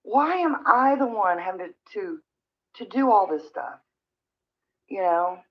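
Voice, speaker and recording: A woman's voice: medium pitch, lively intonation, measured pace. A middle-aged woman, hosting a casual livestream and venting in a rambling way with frequent sighs. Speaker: livestream host. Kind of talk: casual livestream chat with viewers. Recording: dull lo-fi stream audio.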